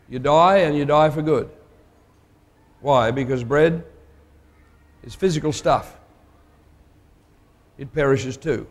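A man's voice: a little high, a little mellow. Conversational male preacher in a reverberant hall. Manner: conversational, emphatic, asks the listeners questions. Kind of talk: sermon.

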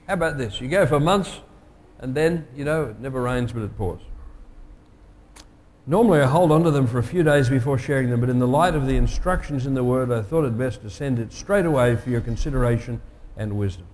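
A pastor delivering a sermon, measured and emphatic, slowing down to stress key phrases. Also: male voice, medium pitch, darkish tone. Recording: long hall reverb.

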